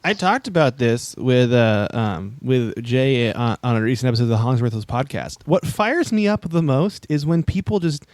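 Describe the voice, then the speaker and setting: A man's voice: medium pitch, big pitch swings, normal speed, hardly any pauses, a little mellow, no room sound. A man co-hosting a casual podcast, telling stories animatedly and acting out both sides of an argument. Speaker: podcast co-host. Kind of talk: casual chat.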